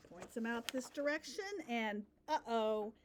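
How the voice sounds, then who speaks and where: Woman teacher, higher voice, very slow story reading for kids, leans on each sound. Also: a little hiss or hum. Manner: slow, deliberate, stresses target sounds. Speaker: speech teacher. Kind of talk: reading a picture book aloud to children.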